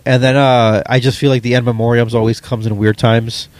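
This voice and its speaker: A man's voice: mid-range voice, level tone, a little fast, darkish tone, no room sound. A man co-hosting a casual chat, hesitant, with many ums and restarts. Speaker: podcast co-host. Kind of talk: casual chat about movies.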